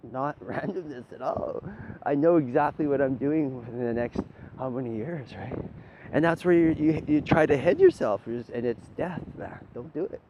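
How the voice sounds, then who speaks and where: A man talking in a loose, rambling spiritual monologue, swearing freely and asking "right?" again and again. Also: medium pitch. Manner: loose, profane, keeps asking "right?", laughs often. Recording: dull lo-fi audio with faint noise.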